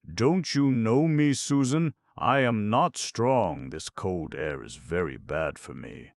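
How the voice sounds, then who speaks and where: A gentle, frail officer pleads in a hoarse, hesitating voice, weak from a lingering cough, as a man reading a storybook puts him on. His words come slowly and wearily. The recording is dry. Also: lowish voice, animated, no echo, voice pushed up, exaggerated voice. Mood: weary pleading.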